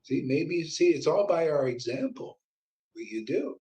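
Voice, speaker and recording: A man's voice: fairly high pitch, animated, measured pace, dark tone, rough recording. A man leading a group, who talks in an easygoing, rambling way and chuckles often.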